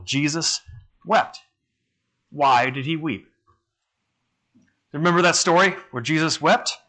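Guy preaching to his church, easygoing and talky, asks the crowd stuff, pretty bright tone. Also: on the high side. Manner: conversational, asks the congregation questions. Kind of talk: sermon.

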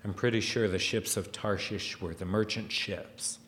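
A man preaching a sermon, slow and hesitant, with fillers and restarts, growing louder as he reads scripture aloud. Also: lowish voice, steady tone, in a large hall, slight background noise.

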